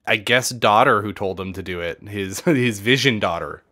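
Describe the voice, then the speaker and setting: A man's voice: lowish voice, normal speed, bright, forceful tone. A man co-hosting a podcast, playfully riffing and putting on voices for jokes. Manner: playful, does silly voices in asides. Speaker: podcast co-host. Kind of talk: casual film discussion.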